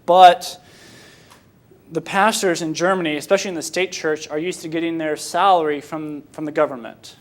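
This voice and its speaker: A young American man from Michigan giving an informal Sunday school talk, halting and often restarting his sentences before taking questions. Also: on the high side, fairly even intonation. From Michigan, USA.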